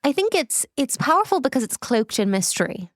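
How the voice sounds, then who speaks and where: Woman, podcast co-host, wry, thoughtful, fairly high pitch, dry close mic. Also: very animated, a little fast, no echo. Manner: wry, thoughtful, laughs often. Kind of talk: casual chat.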